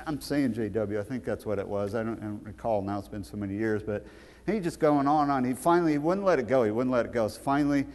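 A man preaching a sermon with emphatic, storytelling delivery that swells to loud peaks. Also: medium pitch, fast. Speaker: pastor. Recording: long hall reverb.

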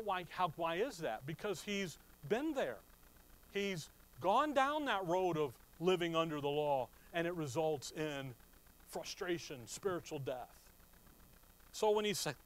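Man teaching scripture, slightly high voice. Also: rough recording. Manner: conversational teaching, rising to slow emphatic stress. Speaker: Bible teacher. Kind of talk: sermon.

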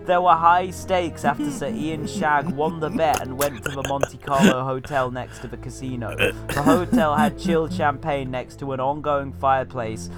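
A man's voice: fairly high pitch, steady tone, moderate pace, few pauses. A man reading a silly story aloud as a comedy podcast co-host, with theatrical delivery and laughing asides. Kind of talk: comic dramatic reading. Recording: podcast with music underneath.

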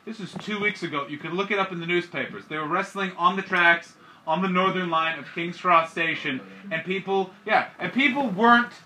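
High-voiced man doing animated stand-up. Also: a little fast. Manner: animated storytelling, swings between mutters and near-shouts. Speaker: stand-up comedian. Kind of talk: stand-up comedy. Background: audience laughter.

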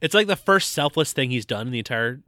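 Bright, lively man recapping a movie. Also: medium pitch, quick pace, no echo, clean studio sound. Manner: jokey, recaps plot with stumbles and laughs. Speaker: podcast co-host. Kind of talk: casual movie-review chat.

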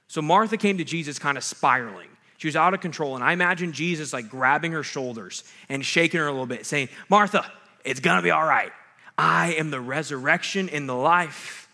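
A man preaching a sermon in a fairly high, forceful voice. He talks like he is chatting with his listeners, asking them "right?" and "okay?" as he goes, switching between strong, loud points and quieter asides. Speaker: campus ministry pastor.

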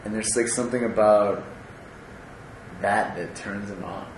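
Guy chatting about a book, kinda halting, hunts for words, echoey room. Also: on the low side, fairly even intonation. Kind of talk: casual chat. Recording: echoey room with faint background noise.

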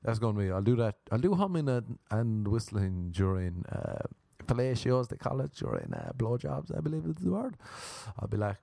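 A man telling a crude comic story as a podcast host, rambling and breaking into high shrieks. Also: wildly swooping pitch, normal speed, creaky, warm tone, dry recording.

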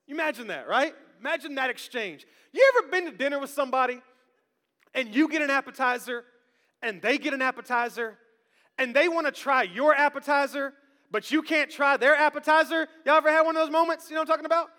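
High, bright-voiced preacher in a big hall. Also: male voice, fairly quick. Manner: lively, humorous, calls out to the congregation. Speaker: pastor. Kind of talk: sermon. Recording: long reverb of a large hall.

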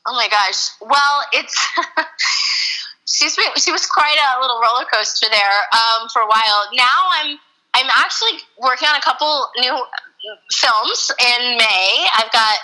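A woman actress chatting casually in an interview, full of fillers and quick laughs. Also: a little high, bright, forceful tone, poor audio. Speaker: actress, guest.

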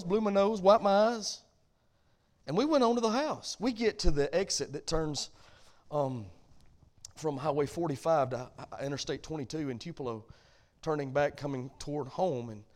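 High, lively preacher man. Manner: folksy, rises to emphatic preaching. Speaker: pastor. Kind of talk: sermon.

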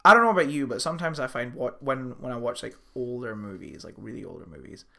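A young man co-hosting a podcast, chatting casually, animated, swearing freely and laughing often. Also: medium pitch, fast, gravelly. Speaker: podcast co-host. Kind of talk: casual chat.

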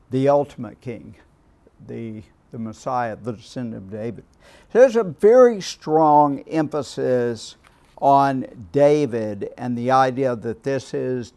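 A man leads a Bible class in a slow, deliberate way. His voice has a gravelly edge. He restarts phrases and pauses often as he works through his points. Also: mid-range voice, darkish tone. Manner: unhurried, thoughtful, with frequent restarts and "uh". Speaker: Bible study teacher. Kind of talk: Bible class lecture with discussion.

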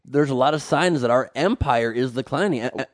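A man trading jokes on a casual chat show, riffing fast through news and gossip. His mid-pitched voice sits close and dry in a small room with no echo. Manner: riffing, jokey, rapid rants. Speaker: podcast co-host.

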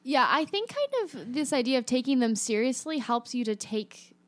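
A woman with a fairly high voice muses thoughtfully in a casual chat with her co-host. She speaks in calm, reflective phrases. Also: moderate pace. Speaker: podcast co-host. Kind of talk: casual conversation.

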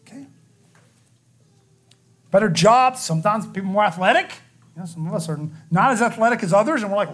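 A man's voice: high-pitched, very animated, quick pace, a bit bright, slightly rough. A man pastor preaching a conversational expository sermon, often checking in with the congregation by asking "okay?".

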